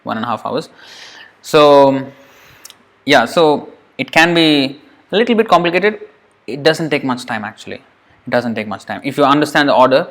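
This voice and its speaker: Teacher, male, mid-pitched, informal lesson pace, repeats syllables patiently. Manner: repeats sounds slowly, thinks aloud, chuckles. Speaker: Sanskrit pronunciation teacher. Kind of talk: informal lesson drilling sounds.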